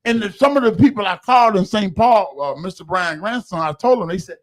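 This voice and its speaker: A man's voice: high-pitched, lively intonation, fairly quick, few pauses. A man in his fifties telling his recovery story like a preacher, acting out quotes with folksy slang and laughs. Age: 50s. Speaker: guest sharing recovery story.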